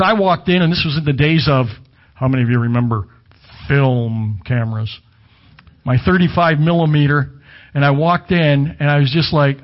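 A man's voice: a little high, muffled recording. A middle-aged man preaching a sermon in a conversational way, with asides and self-corrections. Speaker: pastor. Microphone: camera video with slides behind him.

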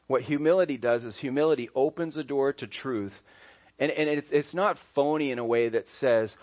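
A man's voice: medium pitch, normal speed. A male pastor preaching a sermon in a conversational way and acting out little voices, in a dull lo-fi recording.

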